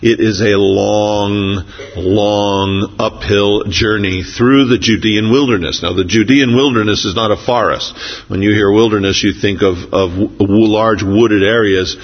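A man preaching a sermon as pastor, unhurried and pausing with fillers, reading scripture slowly. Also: lowish voice, steady tone, in a large hall, muffled recording.

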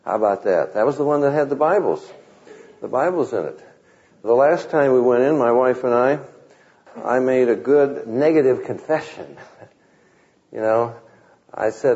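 A man's voice: medium pitch, lively intonation, moderate pace, darkish tone. A man preaching a sermon, quoting scripture and telling wry stories in a conversational way. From Southern California. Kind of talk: sermon with humorous anecdotes. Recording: muffled lo-fi recording.

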